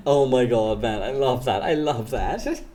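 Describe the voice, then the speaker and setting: A woman's voice: rumbling low, dark tone. Laid-back swearing woman streamer. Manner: laughs often, swears freely, rambling. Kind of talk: casual live-stream chat.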